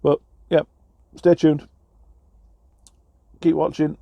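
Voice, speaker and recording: Rambling English truck driver, mellow voice. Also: male voice, on the high side, little pitch movement, slow, creaky, dry recording, highs cut off. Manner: rambling, self-deprecating, many fillers and restarts. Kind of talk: casual vlog chat. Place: truck cab, on the road.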